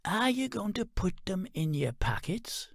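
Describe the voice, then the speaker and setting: A man voicing a brisk older countrywoman selling chickens, teasing and motherly, speaking slowly. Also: high-pitched, big pitch swings, vocal fry, a bit bright, dry recording, clean studio sound, pitched above the performer's own voice, exaggerated voice. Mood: teasing, kindly.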